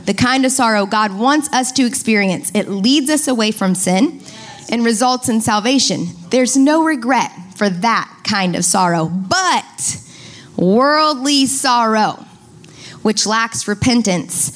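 A woman's voice: medium pitch, animated, unhurried. A woman pastor preaching a sermon to a congregation, stretching key words for emphasis and speaking directly to her listeners. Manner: addresses congregation directly, asks them to repeat. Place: church before a congregation.

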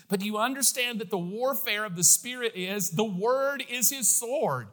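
High-voiced impassioned male pastor. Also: expressive, normal speed, hardly any pauses. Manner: impassioned, swings between quiet asides and bold emphatic peaks. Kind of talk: sermon.

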